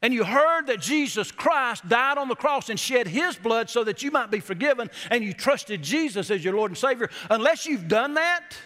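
A middle-aged man preaching a sermon in a church, folksy and storytelling, leaning on slowed, emphatic phrases. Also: very high-pitched, animated, bright, forceful tone. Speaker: pastor. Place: church sanctuary. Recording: church hall with long reverb.

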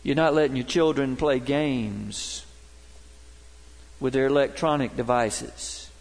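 A man's voice: medium pitch, fairly even intonation, takes it slowly, vocal fry, in a large hall. A middle-aged man preaching a sermon to his congregation in a worship center, emphatic and folksy, telling stories to make his points. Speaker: pastor.

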